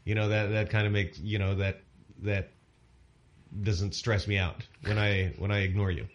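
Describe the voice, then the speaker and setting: A man's voice: on the low side, little pitch movement, normal speed, lo-fi sound. A man hosting a radio show, bantering and teasing his co-host with lots of fillers. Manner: joking, teasing, rambling with many fillers. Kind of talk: casual on-air banter. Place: radio studio.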